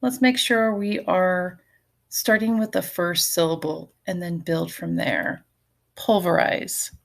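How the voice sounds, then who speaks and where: A woman's voice: on the low side, steady tone, slow, gravelly. A middle-aged woman teacher giving a recorded phonics lesson, patiently sounding out syllables and letters for her students.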